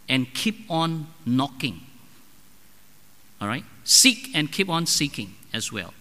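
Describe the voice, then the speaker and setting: Slow, bright-voiced preacher man in an echoing hall. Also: fairly high pitch. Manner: emphatic, deliberate preaching with questions to the congregation. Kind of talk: sermon.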